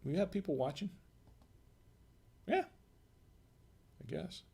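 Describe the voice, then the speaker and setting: Host, male, gravelly voice, rambling live-stream tasting chat, pokes fun at himself. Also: a little high, wildly swooping pitch, dark tone. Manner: rambling and halting, with self-deprecating humor.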